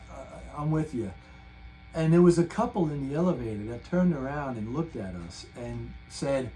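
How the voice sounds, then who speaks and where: A man's voice: medium pitch, moderate pace, dark tone, poor audio. An older man hosting his own guitar channel, telling a long rambling story in casual chat with many restarts. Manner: chatty, meandering, full of restarts. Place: home room, guitar nearby.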